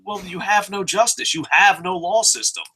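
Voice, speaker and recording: A man's voice: high voice, normal speed, bright, forceful tone, husky. A man co-hosting a casual chat show, ranting with heavy profanity. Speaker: podcast co-host.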